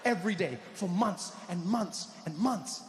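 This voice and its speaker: A male comedian tells a story on a theater stage into a stage mic, acting out scenes and shifting his pace for effect. His voice sits high for a man, and the sound carries a long hall reverb over a faint ambient hum. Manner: animated, acts out scenes, speeds up and slows for effect. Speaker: stand-up comedian. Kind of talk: live stand-up storytelling. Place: theater stage before a live audience.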